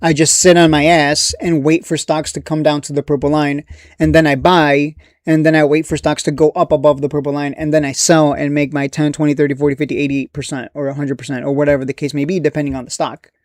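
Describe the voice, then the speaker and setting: A man's voice: a little high, level tone, a little fast, no room sound, studio quality. A man giving casual live-stream commentary on stocks, rambling and profane, dismissive, with frequent restarts.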